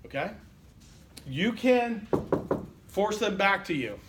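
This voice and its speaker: A man's voice: high-pitched, big pitch swings, slow pace, a bit bright. A man teaching a college class in a casual, conversational lecture, often checking in with "okay?" and acting out what listeners might be thinking. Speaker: college instructor.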